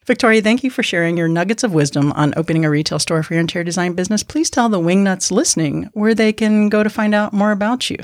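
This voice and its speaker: A woman's voice: medium pitch, quick pace, few pauses, no echo, studio quality. A woman hosting a podcast, chatting casually and laughing often. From Miami. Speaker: podcast host. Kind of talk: casual interview chat.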